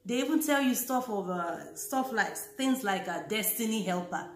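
A woman's voice: mid-range voice, lively intonation, normal speed, roomy sound, faint music behind. A woman talking casually and earnestly to fellow Christians, repeating her key points as she warns them. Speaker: Christian vlogger. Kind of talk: casual talk to camera.

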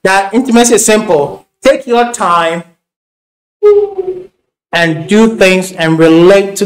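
A pastor with a Ghanaian accent preaches in church, sharing homely stories, often restarting his sentences and laughing along the way. His voice is high and the audio quality is poor.

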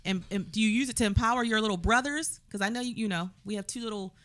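Woman host, 30s, upbeat and playful, quick to laugh; dry close-miked sound. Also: fairly high pitch, a bit bright, no echo. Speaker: talk show host. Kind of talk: casual interview chat.

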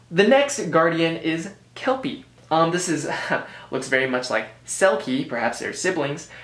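An American man giving a casual review commentary, rambling with joking asides and frequent self-corrections. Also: a little high. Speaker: board game reviewer. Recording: roomy echo.

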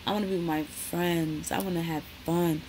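A young woman talks straight to her viewers in a loose, chatty way, full of "like" and "y'all". Her voice sits a little low, and a faint room hum runs underneath. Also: steady tone, normal speed, a little mellow, rough recording. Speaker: vlogger. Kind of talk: casual chat to camera.

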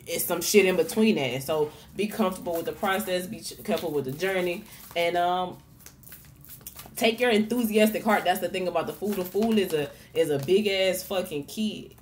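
A woman with a fairly low voice gives a casual tarot reading as a vlog. She talks in a frank, swearing, encouraging way and keeps restarting her phrases. A faint noise sits under her voice. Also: moderate pace. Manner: loose, repeats and restarts words. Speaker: tarot reader and vlogger. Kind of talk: casual motivational tarot talk.

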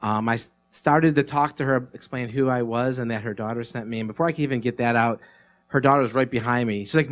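A man telling a story at a live gathering. He speaks into a microphone in a relaxed, conversational way, with many fillers and restarts. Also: mid-range voice, fast talker. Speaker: speaker sharing a testimony. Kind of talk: casual spoken storytelling.

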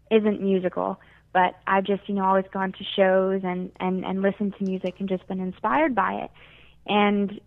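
Teen girl guest from South Florida, calling in, earnest and chatty, phone-line sound. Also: mid-range voice. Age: teens. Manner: earnest, chatty with many fillers. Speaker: guest singer. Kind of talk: phone interview.

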